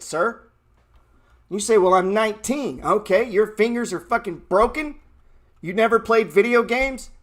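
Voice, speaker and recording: Here a high-voiced man in his thirties, his tone fairly bright, runs a trading show and launches into a crude, scornful pep talk. He's blunt and brash, swearing constantly.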